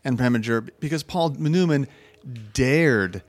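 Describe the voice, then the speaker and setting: A man co-hosting a casual conversation about classic films, telling stories with animated quoted asides. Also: mid-range voice, unhurried. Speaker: podcast co-host. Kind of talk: casual film discussion.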